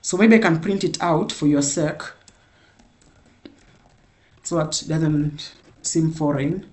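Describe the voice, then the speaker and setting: A man's voice: a little high, slow. A man teaching a live programming class, repeating points and checking in with "yeah?". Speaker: programming instructor.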